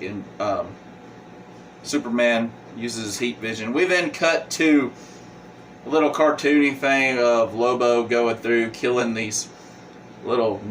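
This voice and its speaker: A man's voice: medium pitch, fairly bright tone, recorded from a distance, a little hiss or hum. A man casually retelling a comic book plot as a reviewer, rambling with fillers.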